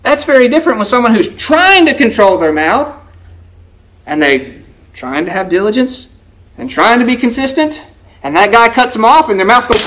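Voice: mid-range voice, sing-song, normal speed, long pauses, fairly bright tone. A preacher giving a conversational sermon in a folksy way, often asking the congregation "right?" and acting out quoted prayers. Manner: folksy, keeps asking "right?" to check in with listeners; acts out quoted prayers and remarks in a raised voice.

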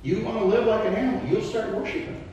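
A man's voice: sits high, fast, muffled recording, slight background noise. A man preaching a sermon as a pastor, his voice rising and falling with emphasis. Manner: animated preaching, voice rising and dropping. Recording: echoey church hall, mic far off.

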